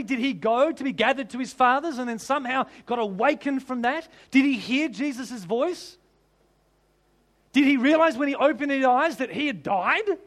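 In a very high voice at a moderate pace, a man gives an animated, comic sermon. He keeps laughing and heaps up rhetorical questions.

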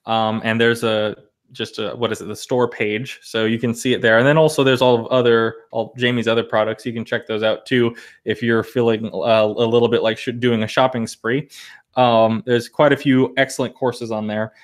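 A man's voice: medium pitch, normal speed. A man co-hosting a podcast, chatting casually and loosely, with a light chuckle. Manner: relaxed, chuckling, hesitant with fillers. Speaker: podcast co-host.

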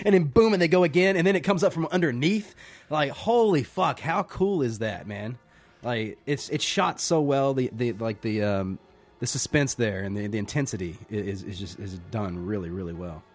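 A man co-hosting a podcast in casual chat, excitable and emphatic, swearing freely. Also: mid-range voice, moderate pace, faint music behind. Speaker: podcast co-host.

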